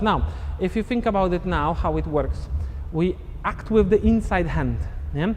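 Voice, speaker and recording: A man's voice: on the high side, lively intonation, normal speed, hardly any pauses, a little mellow, in a large hall, a little hiss or hum. A man teaching a live online dance class, counting beats and scatting the steps aloud as he demonstrates. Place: dance studio.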